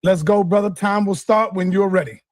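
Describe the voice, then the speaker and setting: A man moderating an online debate, briskly announcing rounds and keeping time. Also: high voice, fairly even intonation, no echo, clean studio sound. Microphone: video call.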